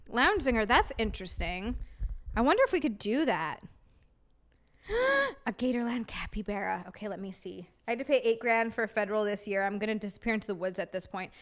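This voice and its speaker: Woman, young adult, high voice, casual stream chat, exasperated rants, greets viewers. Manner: ranting, reads chat aloud and greets viewers. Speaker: live streamer.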